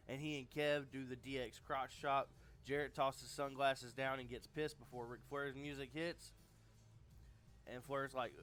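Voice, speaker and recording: A man giving relaxed, casual narration of a game he is playing, recapping events as they come. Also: medium pitch, a little slow. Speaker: gaming YouTuber.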